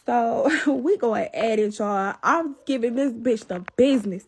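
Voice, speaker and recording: A young woman telling a personal story in a casual vlog, animated and profane, talking straight to her viewers. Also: on the high side, unhurried, few pauses, slightly rough.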